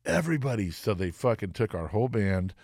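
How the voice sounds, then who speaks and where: A middle-aged man, a guest musician, telling profane, animated stories and acting out the voices of the people in them. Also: on the low side, a little fast, no room sound, clean studio sound. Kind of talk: casual storytelling.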